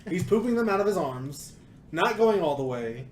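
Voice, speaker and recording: A man co-hosting a casual podcast chat, excitable and jokey, laughing often. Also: high-pitched, normal speed, roomy sound, slight background noise. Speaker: podcast co-host.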